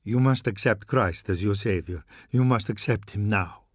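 A man voicing a desperate male priest in a storybook reading, speaking slowly and urgently, sometimes in a hiss. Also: fairly low pitch, no room sound, studio quality, close to an everyday voice. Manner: slow hushed urgent warnings, hissing at times.

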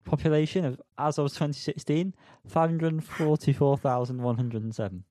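A man's voice: on the high side, moderate pace, mellow, no room sound, clean studio sound. A man hosting a casual music news podcast, chatty and self-mocking as he reads out the news. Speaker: podcast host.

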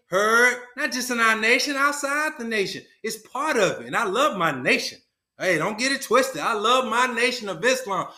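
An earnest man tells a story with colloquial emphasis as a podcast guest. His voice is high and bright. The room around him sounds echoey. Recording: roomy echo.

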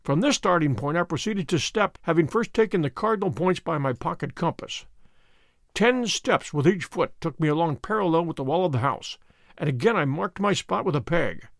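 An actor playing a sharp, methodical detective, recounting a case with precise, measured storytelling in a radio drama. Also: male voice, fairly high pitch, expressive, vocal fry, dry recording, clean studio sound. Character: Holmes, sharp methodical male detective narrating.

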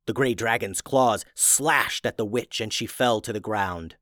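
A man's voice: fairly low pitch, measured pace, fairly bright tone, dry recording. Man reading a storybook aloud, dry sound. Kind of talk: children's storybook narration.

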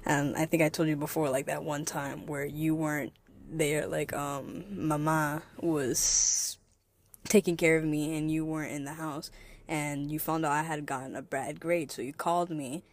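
A woman's voice: low-pitched, flat delivery, moderate pace. A young woman, the host's daughter and a guest, casually retelling memories with a giggly manner. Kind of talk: casual chat.

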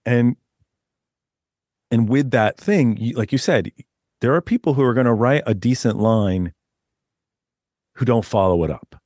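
A man guest on a podcast interview, talking casually as an author, rambling and animated with many restarts. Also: medium pitch, a little slow, pauses often, dry recording, studio quality.

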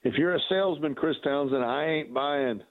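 A man calling in to a sports radio show, laughing and ranting in halting, exasperated bursts. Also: fairly high pitch, no room sound. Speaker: caller. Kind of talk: call-in radio rant. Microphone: phone. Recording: tinny phone line.

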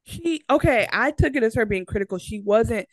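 With a slightly high voice at normal speed, a young woman co-hosts a podcast and makes her case in lively casual conversation. She's animated, restarting often and leaning on fillers; there's no room sound.

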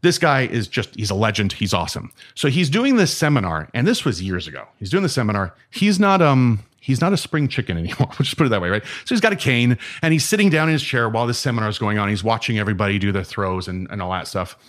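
Lively male guest storyteller, voice swings up and down, keeps checking in with "right?". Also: lowish voice, fast talker, hardly any pauses. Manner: animated, acts out dialogue, says "right?" often. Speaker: martial arts instructor and guest. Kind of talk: casual storytelling.

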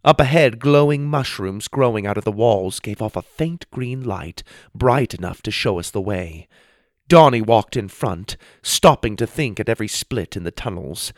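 A man narrating a children's fantasy story in the first person, expressive storybook narration. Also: lowish voice, normal speed, no echo, studio quality. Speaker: audiobook narrator.

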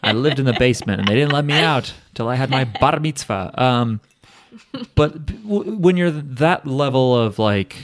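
A man's voice: mid-range voice, expressive, moderate pace. A man co-hosting a podcast in casual chat, joking and rambling with fillers. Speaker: podcast co-host.

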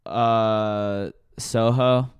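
A man's voice: fairly low pitch, steady tone, extremely slow, clean tone, no room sound, studio quality. A man co-hosting a podcast, riffing on comedy bits in a loose, playful way and slipping into silly voices. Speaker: podcast co-host.

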